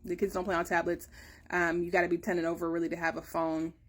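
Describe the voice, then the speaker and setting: A woman in her thirties, a mother chatting casually to her viewers and telling a long story, acting out her own questions with sudden rises in pitch. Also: little pitch movement, fast. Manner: chatty storytelling, acts out dialogue with rising pitch. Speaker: mother giving a family update. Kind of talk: casual chat to camera.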